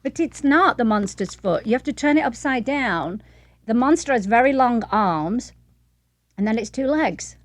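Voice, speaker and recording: A woman co-hosting a casual chat show, talking in a giggly, lively way. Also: fairly high pitch, moderate pace, no echo. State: eating while talking. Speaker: co-host of an expat show.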